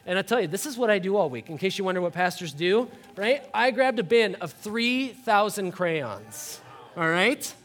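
In a church sanctuary, a pastor in his thirties with a high-pitched voice delivers a sermon to his congregation at a normal speed. He tells his story with animated energy, swinging from soft, hushed tones to bursts of shouting as he acts out the scene.

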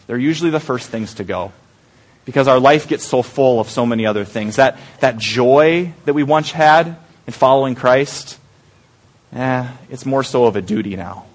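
A man preaching a conversational sermon to a church group in small pods, often asking the room questions. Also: mid-range voice. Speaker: pastor.

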